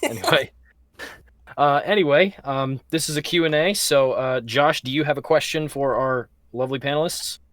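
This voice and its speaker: A man's voice: on the high side, normal speed, a bit bright, dry recording. A man hosting a casual online panel, easygoing and joking. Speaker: panel host.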